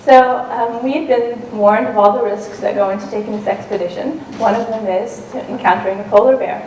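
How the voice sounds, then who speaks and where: A woman's voice: fairly high pitch, fairly even intonation, a little fast, darkish tone. Woman telling a story in a roomy hall. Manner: conversational, with frequent ums and restarts. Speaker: talk speaker, adventurer. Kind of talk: storytelling talk on stage. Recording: roomy and distant with faint noise.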